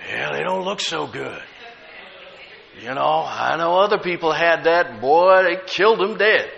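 A man's voice: a little high, expressive, a little slow, gravelly, fairly bright tone, muffled recording, exaggerated voice. A man imitating his negative male cousin, muttering grim remarks at a hospital bed. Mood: gloomy. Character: gloomy negative male cousin, full of doubt.

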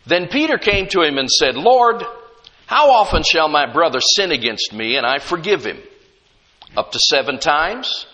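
A middle-aged man preaches a sermon. He reads scripture dramatically and breaks off to explain it to the congregation. His voice is bright and rings out, and a long hall reverb trails each phrase. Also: fairly high pitch, very animated, moderate pace.

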